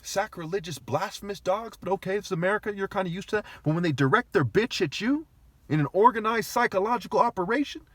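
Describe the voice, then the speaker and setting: A man's voice: high-pitched, lively intonation, fast, fairly bright tone, no room sound. A man talking straight to the camera in an agitated, argumentative rant, swearing heavily and sounding aggrieved. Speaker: vlogger. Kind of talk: agitated ranting monologue.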